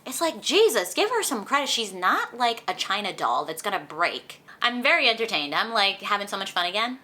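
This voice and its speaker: A woman's voice: on the low side, a little hiss or hum. Chatty young woman recapping a book. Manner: chatty, animated retelling with lots of "like". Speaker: book vlogger. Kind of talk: casual book recap vlog. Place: indoors at home, sunlight on her face.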